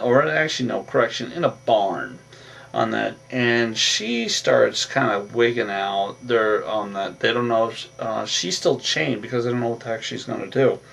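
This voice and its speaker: Recorded from a distance with faint music playing, a man rambles through a movie plot, his retelling full of fillers, restarts, and repeated "on that." His voice is medium-pitched, gravelly, and a touch bright.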